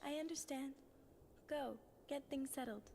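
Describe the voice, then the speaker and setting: A soft-spoken young heroine from a video game cutscene, gentle and hopeful. Her voice sits high and light, with a faint hiss of noise underneath. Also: moderate pace, creaky. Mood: tender.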